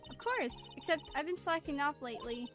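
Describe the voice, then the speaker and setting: A woman's voice: high-pitched, brisk, over music, lightly acted. Woman playing a perky teen spirit medium. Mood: eager. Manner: perky, excitable. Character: bubbly teenage girl spirit medium, eager.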